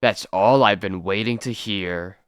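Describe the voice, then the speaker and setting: A man's voice: lowish voice, a little slow, smooth, dry recording, clean studio sound, voice pushed down, natural voice. A man reading a comic book aloud, voicing a stern, strong male hero disguised as a miner who gives firm commands.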